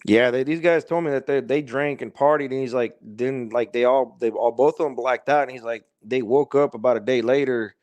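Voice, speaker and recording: A man's voice: mid-range voice, fairly even intonation, brisk, few pauses, darkish tone, no room sound. A man telling a story as a podcast guest in a loose, rambling way, with lots of fillers and swearing. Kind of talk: casual storytelling.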